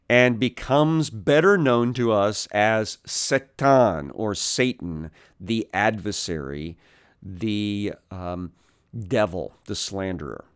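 A man giving a Bible teaching talk, speaking deliberately with many pauses and "uh" fillers, and explaining the origins of words. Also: on the low side, clean tone, no echo, clean studio sound. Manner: explains word origins, corrects himself mid-sentence.

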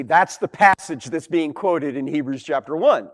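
A man's voice: a little high, moderate pace, hardly any pauses. A man teaching a Bible lesson in a conversational, explanatory way, lifting his voice on key words.

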